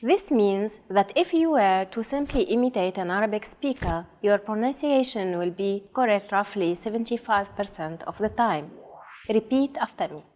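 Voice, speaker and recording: A woman co-hosting a language lesson, modeling pronunciation in a careful, deliberate way. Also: mid-range voice, expressive, darkish tone. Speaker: co-host giving pronunciation examples.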